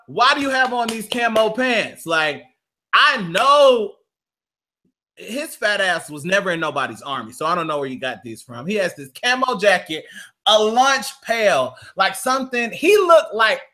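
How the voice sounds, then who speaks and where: A man's voice: high voice, expressive, a little slow. A man co-hosting a live talk show, telling a profane comedic story and acting out the quotes in his own voice. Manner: loud, profane, acts out quotes in shifting voices. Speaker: radio show co-host.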